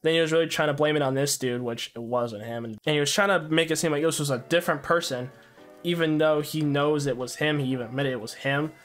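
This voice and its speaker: A man's voice: a little high, fairly even intonation, quick pace, soft background music. A young man casually recounting a dispute with another gamer, rambling and complaining with many fillers. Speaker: gaming YouTuber.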